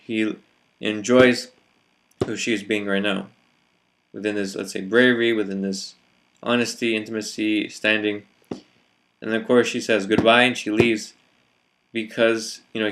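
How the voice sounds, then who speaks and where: A man's voice: on the low side, fairly bright tone, a little hiss or hum. A man vlogging his reflections in a hesitant, casual monologue, full of fillers and restarts.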